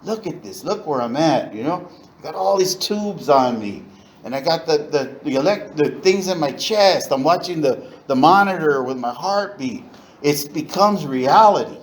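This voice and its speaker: Earnest, slightly high-voiced middle-aged man. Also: lively intonation, normal speed, low-quality recording. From East Los Angeles. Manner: candid, earnest storytelling. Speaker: AA meeting speaker. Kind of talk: recovery meeting share.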